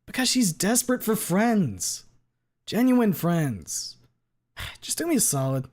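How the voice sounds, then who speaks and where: A man's voice: sits high, very animated, takes it slowly, a little mellow, pitched above the performer's own voice, exaggerated voice. A man voicing an easygoing teenage boy who talks casually and keeps calling his friend dude and man. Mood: earnest. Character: easygoing teenage boy, a laid-back bro.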